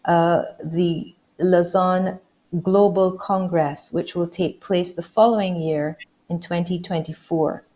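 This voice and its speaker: A woman moderating a video-call webinar, polite and measured, with some fillers. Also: lowish voice, dark tone.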